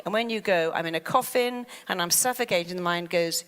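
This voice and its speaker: Animated woman speaker in a big reverberant hall. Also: lowish voice. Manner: animated, acts out quoted worries in a fast fretful voice. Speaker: therapist and speaker. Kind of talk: motivational talk.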